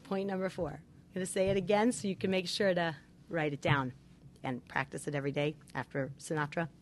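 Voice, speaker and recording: A woman's voice: on the low side, steady tone, fairly quick, slight background noise. A middle-aged woman, a marriage therapist, giving earnest, emphatic advice point by point. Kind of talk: advice talk with numbered points.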